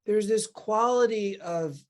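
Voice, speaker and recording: A woman's voice: medium pitch, slow, darkish tone. A woman in casual podcast conversation, talking in a meandering, reflective way and acting out inner voices.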